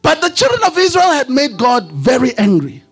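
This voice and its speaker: A male preacher delivering a sermon in a husky voice, with a sing-song preaching cadence that rises into shouts. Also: extremely high pitch, huge pitch swings, moderate pace, soft background music.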